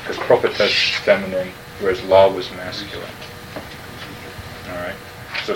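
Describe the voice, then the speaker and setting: Man teaching greek in a class, lowish voice, patient, mic far off and noisy. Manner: patient, explanatory, quizzes the class. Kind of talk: classroom lecture. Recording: distant mic, noisy room.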